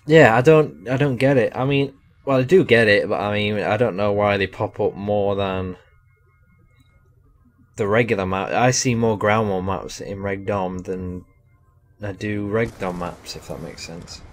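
A man's voice: fairly low pitch, fairly even intonation, a little slow. A young man giving casual, rambling live commentary over a shooter game, chatty and self-deprecating. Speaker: gaming commentator.

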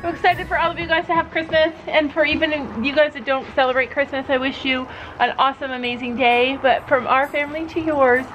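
A woman talks into a handheld camera outdoors at a horse barn, chatty and easily amused. Her voice sits high. Music plays clearly behind her. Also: steady tone, a little fast, a bit bright, rough recording. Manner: giggly and chatty, often laughing. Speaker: vlogger. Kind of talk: casual family vlog chat.

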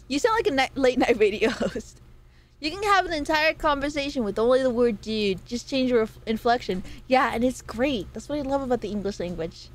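A woman's voice: sits high, expressive, brisk, slight background noise. Playful chatty woman streamer. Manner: playful, rambling, giggly. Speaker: game streamer. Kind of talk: casual live-stream chat.

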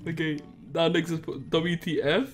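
Excitable high-voiced young man giggling. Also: normal speed. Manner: excitable, laughs a lot, giggly commentary on his own prank. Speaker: Minecraft trolling video host. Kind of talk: casual gameplay commentary. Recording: faint music behind.

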